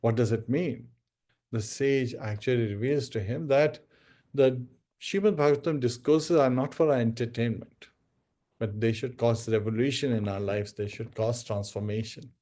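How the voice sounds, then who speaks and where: A man's voice: mid-range voice, moderate pace, warm tone. A man giving a devotional discourse, telling a story and addressing listeners as devotees. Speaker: spiritual speaker.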